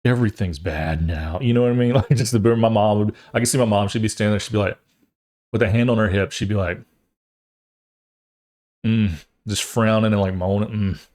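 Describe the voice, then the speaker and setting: A man's voice: lowish voice, fairly quick, pauses often. Rambling man telling a story. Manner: rambling, animated, acts out voices of others. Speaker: podcast host. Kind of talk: casual storytelling monologue.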